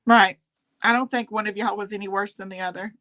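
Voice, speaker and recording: A woman's voice: medium pitch, steady tone, a little fast, fairly bright tone, rough recording. A woman in casual gossip chat, talking freely and often laughing. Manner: chatty, laughs often, quotes others in put-on voices.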